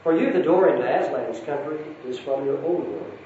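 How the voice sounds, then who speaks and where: A man voicing a sweet, gentle male lamb as he reads a storybook aloud. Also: fairly high pitch, animated, normal speed, slight background noise, natural voice. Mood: kindly. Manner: soft, sweet. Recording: echoey distant lo-fi recording.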